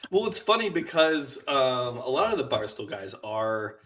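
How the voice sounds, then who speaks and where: A man co-hosting a casual reality show recap, relaxed and analytical. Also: mid-range voice, moderate pace. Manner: relaxed, analytical, some fillers. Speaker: podcast co-host. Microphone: video call.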